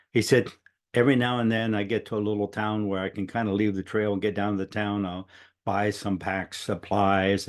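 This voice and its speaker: A middle-aged man telling a long personal story in a casual, rambling way, often quoting what others said. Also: on the low side. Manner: rambling, conversational, quotes others at length. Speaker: speaker sharing a personal story.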